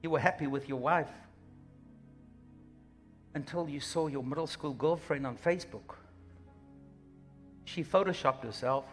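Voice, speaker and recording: A man with a high voice preaches a lively, humorous sermon. He acts out little scenes in passing, with faint music underneath. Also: unhurried, pauses often. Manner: animated, humorous preaching with acted-out asides. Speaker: pastor.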